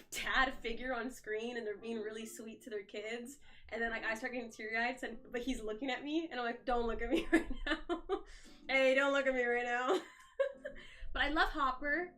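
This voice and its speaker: A woman's voice: a little high, pushed and bright. A young woman in casual livestream chat from her phone at home, answering viewer comments while tidying up. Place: home, indoors.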